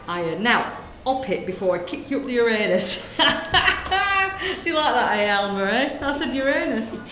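A woman's voice: on the high side, expressive, moderate pace, background noise, lightly acted. Lady playing a nosy shop lady, bouncy sing-song voice, roomy. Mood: gossipy. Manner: chatty, nosy and cheeky. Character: gossipy middle-aged northern shopkeeper woman. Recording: roomy room sound.

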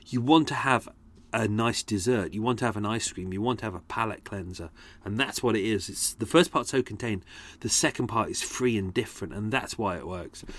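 A man's voice: mid-range voice, dry recording. A man hosting a podcast, rambling casually and swearing, his voice a little strained. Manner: sweary, self-deprecating, chatty. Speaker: podcast host.

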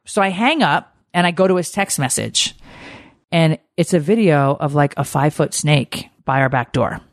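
Animated, salty woman telling a story. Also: low-pitched, moderate pace, no echo, studio quality. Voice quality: animated, swears casually. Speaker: podcast co-host. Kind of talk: casual storytelling chat.

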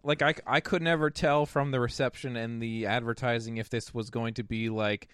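A man's voice: medium pitch, steady tone, normal speed, fairly bright tone, smooth, no room sound, clean studio sound. A man co-hosting a casual chat, easygoing and often answering with short agreements. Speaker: podcast co-host.

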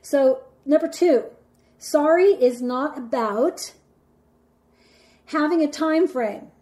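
A woman with a fairly high, mellow voice teaching a lesson. She lays out her points in a measured order. She turns dramatic whenever she acts out an example. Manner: measured, explains step by step. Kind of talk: instructional talk.

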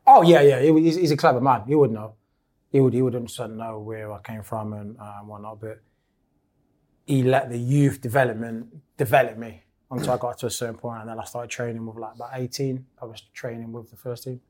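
Chatting as a podcast guest, an English ex-footballer speaks briskly in a warm, steady, medium-pitched voice. He's a rambling storyteller whose long tales keep restarting.

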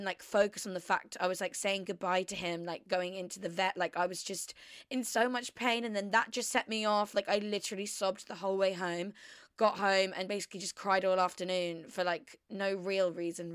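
A woman's voice: mid-range voice, fairly bright tone, smooth, no room sound, studio quality. A young woman, hosting a casual confessional chat, rambling and chatty with lots of fillers. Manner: rambling, chatty, heavy use of "like". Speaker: podcast host.

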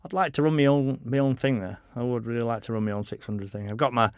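A middle-aged man who races guests on a casual podcast, his mid-range voice clear, resonant, and steady in tone at a quick pace. His anecdotes ramble, full of "you know" and frank profanity. No echo; dry, close audio.

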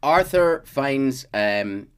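A man co-hosting a podcast, casually retelling a game's story and slipping into quick character voices. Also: medium pitch, lively intonation, smooth. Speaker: podcast co-host.

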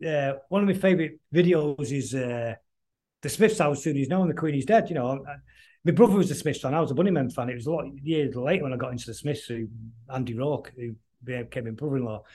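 A man's voice: mid-range voice, a little mellow. A middle-aged man, chatting as a guest musician in a casual interview, rambling and stopping to restart often. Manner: rambling, halting, many restarts.

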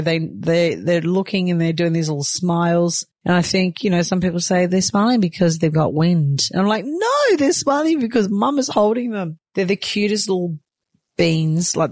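A woman's voice: deep voice, darkish tone, no echo, clean studio sound. A woman, a new mother talking openly and emotionally in a chatty personal vlog. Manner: open, emotional, chatty with many fillers.

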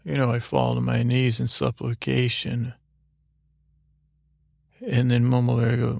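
With a completely flat, unhurried delivery and vocal fry, a man with a mid-range voice tells a dream as a sleep story host. He's close to the mic with no room sound, wandering through the tale with many fillers and restarts.

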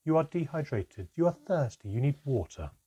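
A man voicing a calm, gently ominous female elf in a small, soft voice while reading a storybook aloud. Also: a little high, normal speed, husky, voice pushed up. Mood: firm. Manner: calm, reasonable, quietly commanding.

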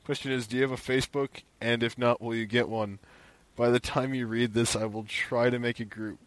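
A man's voice: mid-range voice, level tone, a little fast, no room sound. A young man co-hosting a podcast in casual chat, reading listener emails aloud with opinionated asides.

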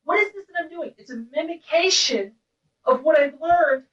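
In a roomy, distant, dull-sounding recording, a woman gives an impassioned lecture to a class, intense and blunt, sometimes breaking into wordless vocal cries. Her high voice is animated and fairly bright, at normal speed.

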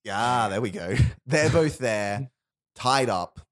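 An animated man with a mid-range voice takes his time casually telling friends a made-up movie story. He rambles, restarts, and quotes the characters, and there's no echo.

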